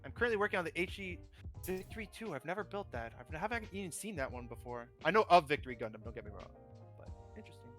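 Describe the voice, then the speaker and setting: A man's voice: a little high, animated, quick pace, fairly bright tone, faint music behind. Direction: a rambling, self-mocking streamer guy. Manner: rambling, reads chat aloud, self-deprecating. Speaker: streamer and model kit builder, guest. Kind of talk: casual livestream chat.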